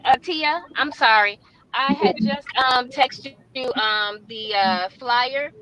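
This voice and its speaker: A woman's voice: high voice, takes it slowly, highs cut off, a crowd in the background. A woman talking as a guest on a remote call, chatty and apologetic, calling others "love" and "sweetheart.". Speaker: guest, credit repair company co-founder. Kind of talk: casual chat on a remote call. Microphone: remote call microphone.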